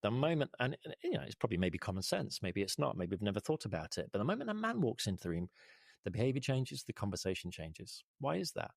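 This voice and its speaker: Man, podcast guest, emphatic, rhetorical questions, lowish voice, dry close sound. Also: sing-song, quick pace, vocal fry, dry recording. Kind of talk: podcast interview.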